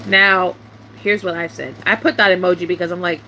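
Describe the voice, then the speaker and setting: A young woman venting to camera in a casual monologue, irritated and swearing often, with sharp rising outbursts. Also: mid-range voice, animated, quick pace, a little hiss or hum.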